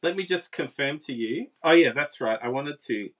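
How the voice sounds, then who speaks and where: A woman's voice: very deep voice, animated, moderate pace. A woman giving a casual, chatty live card-making demonstration and talking with viewers. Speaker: papercraft demonstrator.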